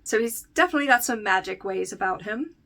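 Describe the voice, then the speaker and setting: A young woman, working as a book reviewer, casually compares a fantasy novel with its TV adaptation. Her mid-range voice is expressive, quick and sharp in tone. She chats with lots of fillers, laughs often and reads short passages aloud.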